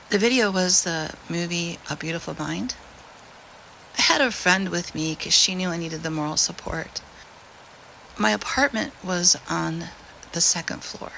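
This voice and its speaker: Husky-voiced woman telling a painful story. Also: on the low side, a little hiss or hum, rough recording. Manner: soft, emotional, often drops to a whisper. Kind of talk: personal story narration.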